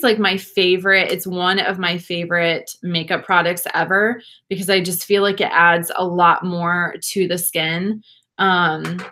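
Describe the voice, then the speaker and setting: A young woman, chatting warmly and gushing to viewers during a casual livestream makeup session. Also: on the low side. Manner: bubbly, gushing, laughs often, talks to viewers. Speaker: beauty vlogger.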